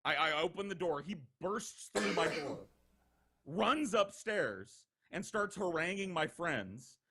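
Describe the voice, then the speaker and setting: A man's voice: high-pitched, slow, husky. A young man telling rowdy stories on a podcast in a casual, profane way, acting out the voices of the people in them. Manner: animated, profane, acts out quoted voices. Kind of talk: casual storytelling.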